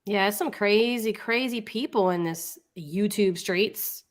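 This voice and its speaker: A woman's voice: medium pitch, slow. A woman co-hosting a casual livestream, blunt and exasperated, swearing now and then. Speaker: co-host, channel owner.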